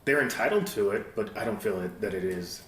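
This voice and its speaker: A man with a lowish voice speaks as a guest on a casual podcast. He talks thoughtfully and haltingly, often restarting his sentences. The recording is roomy, with faint background noise. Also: expressive, fairly bright tone.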